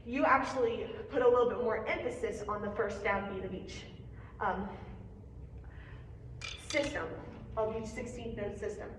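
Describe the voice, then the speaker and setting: Step by step, a young woman patiently explains percussion strokes in an encouraging hands-on lesson. Her slightly high voice is steady, at normal speed with frequent pauses. Recorded from a distance in an echoey room, with slight background noise.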